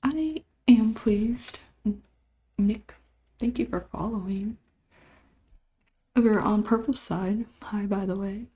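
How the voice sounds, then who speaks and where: A woman livestreaming while drawing, with a sore throat, chatting casually, giggling often, greeting and thanking viewers, sometimes dropping into soft whispers. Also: mid-range voice, fairly even intonation, unhurried, long pauses. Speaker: livestreaming artist. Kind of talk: casual stream chat.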